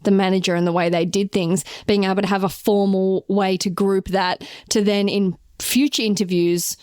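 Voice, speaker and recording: Aussie woman co-host, upbeat and chatty, smooth voice, close dry mic. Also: medium pitch, level tone, normal speed, a little mellow, no echo. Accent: Australian. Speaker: podcast co-host. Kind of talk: casual podcast chat.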